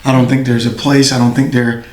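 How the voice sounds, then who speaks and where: A man hosts a casual podcast interview at an ordinary mid-range pitch. He is supportive and often chimes in with short affirmations. The room around him has a noticeable echo. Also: flat delivery, brisk, a little mellow. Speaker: podcast host.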